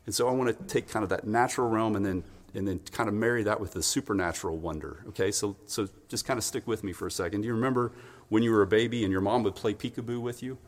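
A man preaching a sermon in an animated storytelling way, acting out the voices of the people in his stories. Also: fairly low pitch, quick pace, in a large hall.

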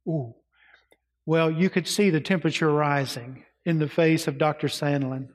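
Male pastor, slightly higher voice, sermon delivery with questions and hushed moments, reverberant hall. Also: fairly even intonation, moderate pace. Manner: asks the congregation questions, drops to soft quiet tones.

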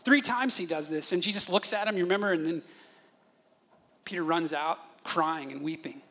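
Male pastor, 30s, high bright voice, animated sermon delivery with acted-out voices. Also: moderate pace. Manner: animated storytelling, acts out voices of his children.

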